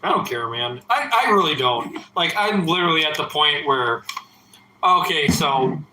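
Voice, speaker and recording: A man in his thirties rambles through a casual late-night stream, profane and defiant, a bit tipsy from drinking. His voice sits a touch high and sounds bright and edgy. The room gives it a noticeable echo. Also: animated, normal speed, a little hiss or hum. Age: 30s. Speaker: livestreamer.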